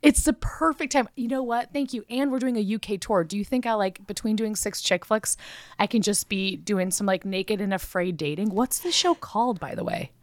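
A woman's voice: mid-range voice, fairly quick, no room sound. A woman from the United States, co-hosting a podcast, telling a story in a playful, jokey way. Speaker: podcast co-host. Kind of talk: casual chat and storytelling.

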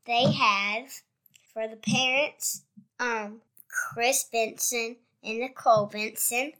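A woman's voice: on the high side, steady tone, takes it slowly, pushed and bright. A young girl co-hosting a podcast, chatting in a giggly, blunt and playful way. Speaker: co-host, young daughter. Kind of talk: casual podcast chat.

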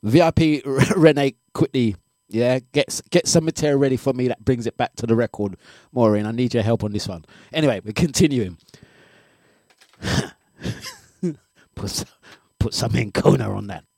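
Laughing radio host. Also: male voice, medium pitch, moderate pace, vocal fry, no echo, clean studio sound. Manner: animated, laughs often, repeats himself. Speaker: radio DJ and breakfast show host. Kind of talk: casual live radio chat.

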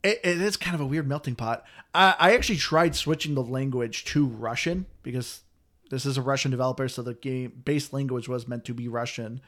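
A man's voice: medium pitch, a little fast, fairly bright tone. A man hosting a casual chat, talking in a chatty, complaining way. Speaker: podcast host.

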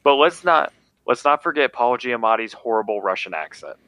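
An animated man with a bright voice, talking casually on a podcast and tripping over his words as he restarts. He sounds close and dry. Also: mid-range voice, brisk, no echo, poor audio. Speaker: podcast co-host. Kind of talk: casual film chat.

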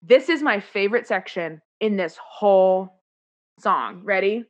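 A woman with a mid-range voice, a podcast co-host, chats casually and unhurriedly about a musical, quoting lyrics. She's animated, acting out lines as she recounts a scene, and the audio sounds dull.

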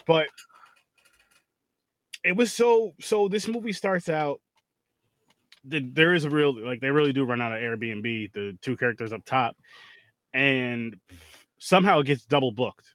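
A man's voice: mid-range voice, measured pace, pauses often, fairly bright tone, no room sound. A man recapping a movie in casual chat, rambling and profane, with lots of restarts and fillers.

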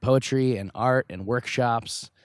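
A man's voice: medium pitch, slow pace, smooth, no echo, clean studio sound. A man who is a musician guest on a podcast, chatting on a rooftop outdoors, upbeat and easygoing. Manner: upbeat, easygoing, laughs readily. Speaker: guest, musician and festival organizer. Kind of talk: casual chat. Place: rooftop outdoors over a city.

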